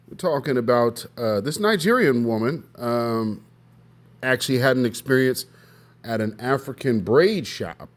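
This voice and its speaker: A man hosting an online news commentary broadcast at a middle pitch. He speaks loosely, leaning on fillers and repeated stock phrases as he sets things up. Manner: relaxed, filler-heavy, repeats set phrases.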